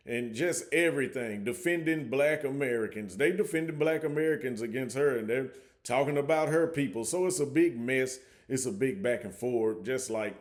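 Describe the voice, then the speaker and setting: A man's voice: medium pitch, a little mellow. A man hosting a casual reaction commentary, talking conversationally with frequent stammering restarts. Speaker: commentary host.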